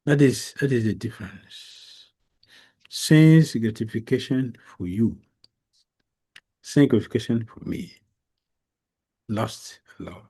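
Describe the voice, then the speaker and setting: A man giving a devotional lecture as a spiritual teacher, telling a story slowly and with emphasis, with many pauses and fillers. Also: medium pitch, lively intonation, dark tone, husky. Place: lecture hall.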